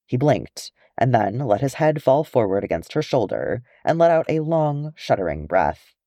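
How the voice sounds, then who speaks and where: A man reading a fan fiction chapter aloud in an expressive storytelling manner. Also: mid-range voice, normal speed, no echo, clean studio sound. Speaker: audiobook reader.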